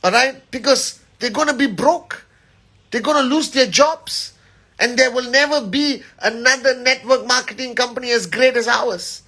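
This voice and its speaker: A man's voice: very high voice, normal speed, bright, forceful tone. A middle-aged man giving a motivational live address as a company leader, emphatic and rallying, often checking in with "all right?".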